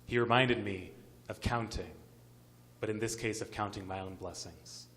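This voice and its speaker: A man tells a personal story on stage at a story slam, building suspense vividly. His voice is fairly low and comes through a stage microphone with a faint hum behind it. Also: moderate pace, fairly bright tone. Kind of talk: live story slam narration. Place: arts center stage.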